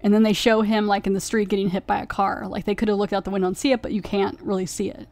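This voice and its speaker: A woman's voice: medium pitch, level tone, quick pace, over loud music. A woman hosting a podcast, casually reviewing an episode and retelling its plot in a rambling way, full of "like" fillers. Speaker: podcast host.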